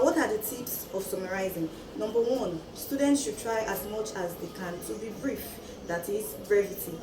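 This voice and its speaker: A woman teacher giving a classroom lesson, listing her points in a measured way. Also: medium pitch. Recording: echoey room from far off, background noise.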